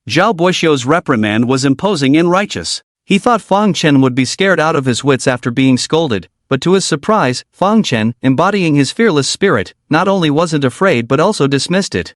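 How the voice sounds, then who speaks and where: A man reading a scripted story recap in a steady storytelling manner. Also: a little high, normal speed, few pauses, dry recording, clean studio sound. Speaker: recap narrator.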